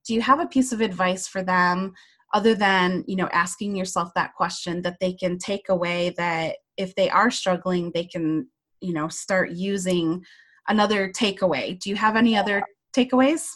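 A woman's voice: on the low side, normal speed, a bit bright. A woman hosting a podcast, effusive and upbeat in casual interview chat, with lots of fillers. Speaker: podcast host.

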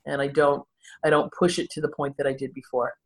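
Guest, woman, 60s, low voice, candid and self-deprecating storyteller. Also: flat delivery, a little fast. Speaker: therapist and podcast guest. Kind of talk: conversational interview storytelling.

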